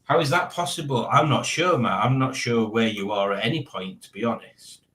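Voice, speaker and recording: A man's voice: mid-range voice, normal speed, a bit bright, roomy sound. A man hosting a live-stream quiz in casual chat, rambling and jokey as he reads viewer comments aloud.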